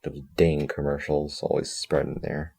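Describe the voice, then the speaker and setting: Deep-voiced man rambling through a story review. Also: little pitch movement, measured pace, vocal fry, dark tone, husky. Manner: rambling, self-correcting, joking asides. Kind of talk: casual spoken review with read-aloud passages.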